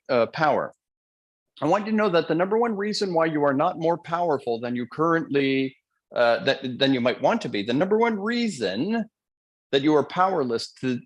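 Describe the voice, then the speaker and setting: A man hosting a live online seminar as a motivational coach, talking energetically and playfully, addressing the audience directly. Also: a little high. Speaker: motivational coach, event host.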